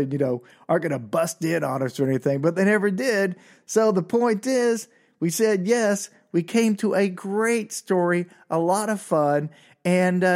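A man hosting a comedy podcast, telling a story in an animated, excitable way. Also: sits high. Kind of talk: storytelling monologue.

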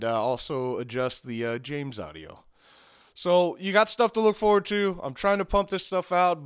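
A young man narrating as game master and hosting a podcast, relaxed and chatty with filler words. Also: a little high, smooth.

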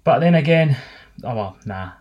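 A man's voice: mid-range voice, animated, normal speed, muffled recording. Sweary Scottish man rambling. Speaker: podcast co-host. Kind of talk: casual wrestling chat.

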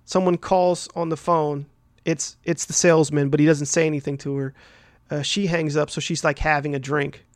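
A man's voice: on the high side, level tone, moderate pace, dry recording, clean studio sound. A man hosting a podcast, casually recapping a film plot in a rambling, profane way, full of fillers and "right?" tags. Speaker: podcast host.

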